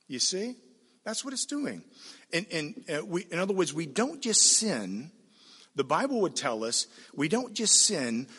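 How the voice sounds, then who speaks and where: Male pastor mid-sermon; husky voice, lively intonation, emphatic and repetitive. Reverberant hall. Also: medium pitch. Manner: emphatic, repeats phrases and asks "you see?".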